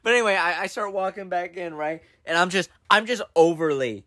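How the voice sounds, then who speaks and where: A man's voice: high voice, brisk, no room sound. A young man spins a story on a podcast in a slightly raised voice. He keeps restarting his sentences and laughing along. The sound is dry and close. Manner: animated, full of fillers and restarts, laughs often. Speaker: podcast host. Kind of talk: casual storytelling chat.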